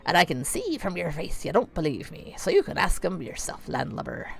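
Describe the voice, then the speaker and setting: A woman voicing a gruff, secretive old sea captain who drawls in salty sailor slang. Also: fairly low pitch, wildly swooping pitch, a little fast, faint music behind, heavily acted. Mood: gruff, guarded.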